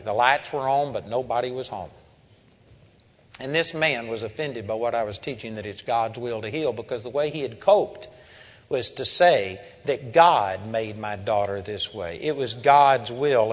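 An older man preaching a sermon, telling a story and building to impassioned outbursts. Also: medium pitch. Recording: hall reverb.

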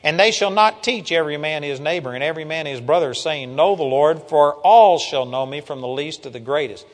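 A man's voice: on the high side, a little fast, long reverb tail. An older man preaching a sermon, reading scripture and teaching with earnest emphasis.

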